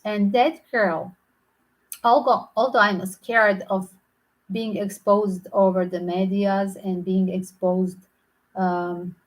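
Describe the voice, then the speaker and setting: A woman's voice: mid-range voice, steady tone, slow pace, low-quality recording. A woman tarot reader talking through a rambling, opinionated vlog commentary, emphatic and full of restarts.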